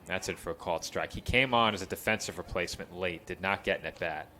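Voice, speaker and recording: A man calling play-by-play for a college baseball game, chatty between pitches and lifting his voice for the action. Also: quick pace, bright, forceful tone, a little hiss or hum. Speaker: play-by-play announcer.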